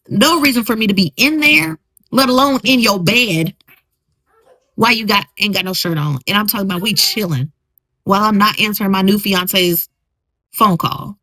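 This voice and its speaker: A woman's voice: medium pitch, sharp tone, dry recording, low-quality recording. A woman podcast host, giving blunt, emphatic commentary on social media posts she reads aloud.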